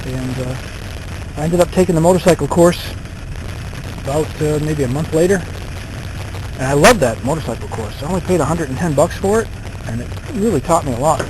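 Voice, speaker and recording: A man's voice: a little high, lively intonation, fairly quick, long pauses, background noise. A man in his thirties telling a rambling story from his own life in a casual vlog, with many fillers and self-deprecating remarks. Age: 30s. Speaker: vlogger.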